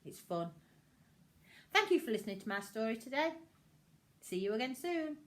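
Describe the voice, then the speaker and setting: A woman reading a picture book aloud to children in an animated, sing-song storytelling way. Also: on the high side, moderate pace.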